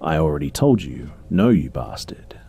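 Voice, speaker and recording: A man's voice: rumbling low, sing-song, normal speed, creaky, mellow, a little hiss or hum, full character voice. A man voicing a captive young woman who answers curtly and with hostility. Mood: defiant. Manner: curt and hostile.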